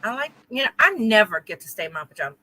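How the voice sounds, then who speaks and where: A woman's voice: on the high side, big pitch swings, fast, pushed and bright, poor audio. A woman co-hosting a live show, chatting casually with a friend and reading viewer comments aloud. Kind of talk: casual chat between friends.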